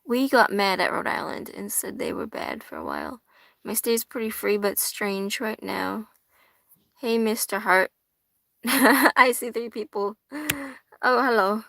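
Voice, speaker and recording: A woman's voice: mid-range voice, big pitch swings, a little slow, vocal fry, long pauses, bright, forceful tone, no echo. Swearing, giggly young woman streamer. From United States. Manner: chatty, swears a lot, laughs often. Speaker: tarot livestream host. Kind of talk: casual livestream chat reading viewer comments.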